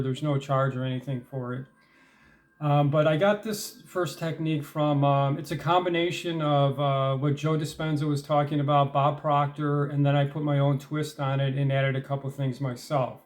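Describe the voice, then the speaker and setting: A middle-aged man giving a casual talk on manifesting, conversational, with frequent fillers and "all right?" check-ins, building to emphatic stress on key points. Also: a little high. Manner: grows emphatic and louder when stressing determination. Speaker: self-help speaker.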